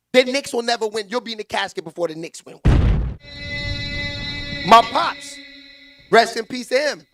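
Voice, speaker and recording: A man with a very high, gravelly voice riffs on sports in a loose, slangy vlog rant, laughing as he goes. His voice is recorded close and dry, with no room echo. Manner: animated, slangy, quick to laugh. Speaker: vlog host. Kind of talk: casual sports commentary.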